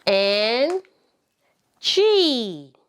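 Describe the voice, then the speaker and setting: A woman teaching toddlers at circle time, speaking in a slow, sing-song, encouraging way and repeating words for the children to echo. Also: on the high side, very animated, clear, resonant tone. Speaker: preschool teacher.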